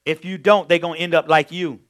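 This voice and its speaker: A male pastor preaching in a conversational way, moving from quiet storytelling to loud, emphatic points. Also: on the high side, flat delivery, a little fast. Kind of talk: sermon.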